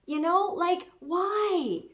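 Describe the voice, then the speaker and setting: A woman's voice: very high-pitched, lively intonation, drawn-out words, voice pushed up, heavily acted. A woman voicing a sassy young Gen Z social media manager who rants in exasperation and fills her talk with "like". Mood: indignant. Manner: filler-heavy, exasperated ranting. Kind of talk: comic character rant.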